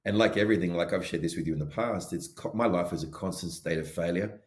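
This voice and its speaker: Deep-voiced man, roomy sound. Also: fast. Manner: animated, acts out his inner voices. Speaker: podcast co-host. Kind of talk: casual podcast chat.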